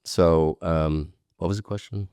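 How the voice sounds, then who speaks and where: A man's voice: sits low, fairly even intonation, measured pace, warm tone, clean tone, no echo, clean studio sound. A man speaking as a guest in a candid conversation, earnest and repeating points for emphasis, with casual swearing.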